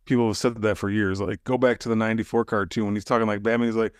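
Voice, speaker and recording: A man co-hosting a podcast, chatting casually and relaxed, often hedging with fillers. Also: lowish voice, racing, clear, resonant tone, dry recording, clean studio sound. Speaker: podcast co-host. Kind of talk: casual chat.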